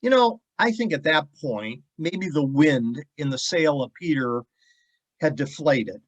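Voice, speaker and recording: Slow, earnest male pastor. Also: a little high, lively intonation, poor audio. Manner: earnest, emphatic, repeats words for stress. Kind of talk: devotional sermon with scripture reading. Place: church devotional video.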